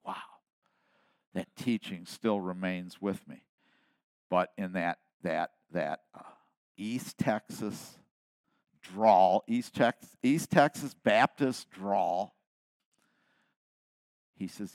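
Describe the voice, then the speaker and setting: A man in his seventies preaching a sermon, dropping to hushed asides and then rising to loud, emphatic declarations. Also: low-pitched, extremely slow, vocal fry, long pauses, no echo. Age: 70s. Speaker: pastor.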